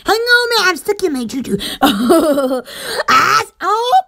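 A woman's voice: extremely high pitch, big pitch swings, slow pace, creaky, pushed and bright. A woman vlogger who runs an online shop, chatting in a rambling, casual way with frequent giggles and exclamations. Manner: exclamatory, giggly, many oh-my-goshes. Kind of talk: rambling casual livestream chat.

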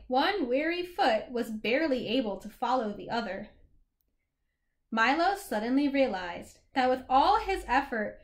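A woman reading a children's novel aloud in a steady storytelling manner. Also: sits high. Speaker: reader.

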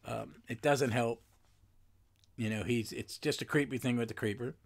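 A man's voice: mid-range voice, steady tone, normal speed, gravelly. A man hosting a podcast, recapping a comic book on his own in a rambling way, full of self-corrections and fillers. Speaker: podcast host.

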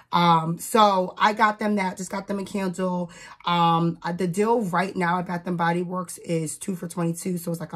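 This vlogger, a young teacher from New Jersey, has a lowish voice. She chats casually about the presents she bought, leaning heavily on fillers like "like" and "um."

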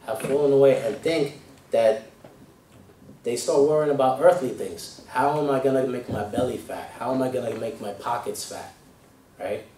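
A man, a deacon, delivering a sermon in a conversational way. He often checks in with the listeners and grows loud when he reads scripture aloud. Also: mid-range voice, a little hiss or hum. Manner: conversational, asks "right?" and "okay?", rises loud when reading scripture. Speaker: deacon preaching. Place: church hall. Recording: echoey room, voice from a distance, faint ambience.

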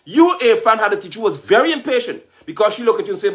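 A man delivers a scolding political monologue in a high, very lively voice. He mocks and lectures, pushing up into shouts. Faint insect noise sits behind him. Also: quick pace. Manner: mocking, lecturing, rising to shouts. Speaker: political commentator.

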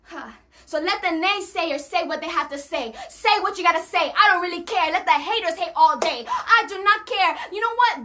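A woman's voice: very high voice, moderate pace, bright, forceful tone. A young woman preaching a fervent sermon, trading calls and responses with the congregation and breaking into tongues.

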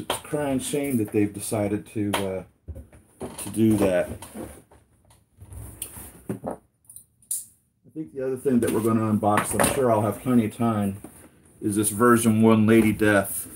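Male toy collector hosting a live unboxing; low, warm, loose and conversational. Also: unhurried, pauses often, a little hiss or hum. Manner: rambling, easygoing, with many restarts and asides. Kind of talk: casual live unboxing chat.

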